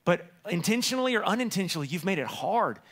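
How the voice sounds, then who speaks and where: A man preaching a sermon as pastor, animated and playful, acting out voices in his stories. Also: high-pitched, fast.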